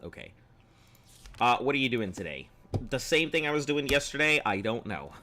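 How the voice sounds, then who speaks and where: Very animated at a normal speed, a mid-range male voice with a bright, forceful tone gives casual commentary while streaming a game. He wanders as he thinks aloud and reads on-screen text, and frequent throat-clearing makes him sound slightly rough and throaty.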